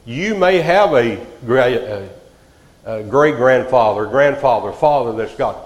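A man preaching a sermon, swinging from loud outbursts to hushed, quiet lines. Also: medium pitch, lively intonation, unhurried. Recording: echoey hall, reverb.

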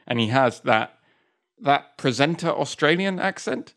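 A man co-hosting a podcast in casual chat, talkative and quick to laugh and tease. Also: on the high side, expressive, vocal fry, fairly bright tone. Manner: chatty, laughs easily, teasing. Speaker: podcast co-host.

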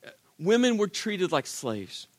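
A man preaching a sermon, telling the story with animated, acted-out quotes and rhetorical questions. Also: high-pitched, a little slow. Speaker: pastor.

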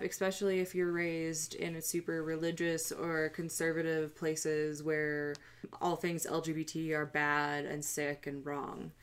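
A woman with a low voice hosts a podcast conversation. She leads the discussion clearly and supportively, introducing topics and asking her guest questions. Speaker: podcast host.

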